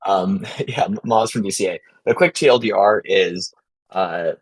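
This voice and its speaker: A man with a fairly low voice gives a casual update on a community voice call. He talks fast and stumbles often, restarting words and filling pauses with "um" and "uh.". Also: rough recording. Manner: hesitant, many fillers and restarts; fast, caffeinated talk. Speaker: protocol contributor hosting a community call.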